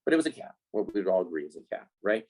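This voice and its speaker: A man who is a life skills coach for kids, talking in a casual podcast interview. He explains in an animated way and acts out the voices he quotes. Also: low voice, very fast, rough recording.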